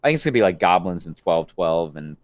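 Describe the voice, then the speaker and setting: A middle-aged man co-hosting a casual podcast chat, telling animated stories and acting out the voices of people he quotes. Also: sits low, fast talker, no room sound. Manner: animated storyteller, acts out quotes. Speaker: podcast co-host.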